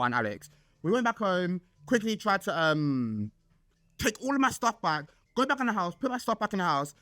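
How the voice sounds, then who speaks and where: A man's voice: sits high, fairly bright tone, no echo. A man, hosting a casual storytime vlog and gossiping dramatically about his birthday, full of fillers. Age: 20s. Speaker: vlog host.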